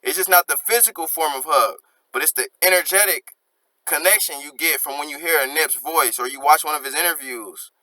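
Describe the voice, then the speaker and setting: A young music reaction host casually breaks down rap lyrics, reflective and earnest, using slang and reciting lines along the way. His voice is on the high side, pushed and bright, and fairly quick, in a low-quality recording with no room sound.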